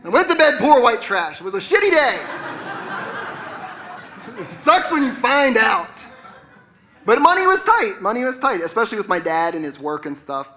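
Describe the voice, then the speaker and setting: Guy in his 40s doing standup, bright voice, chatty, swears casually, self-deprecating. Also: extremely high pitch, very animated, moderate pace, long pauses. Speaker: stand-up comedian. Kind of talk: stand-up comedy set. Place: stage at an arts center.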